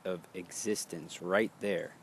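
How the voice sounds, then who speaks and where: Male meditation guide: deep, gravelly voice, unhurried delivery, faint noise underneath. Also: fairly even intonation. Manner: slow, measured, pausing between phrases.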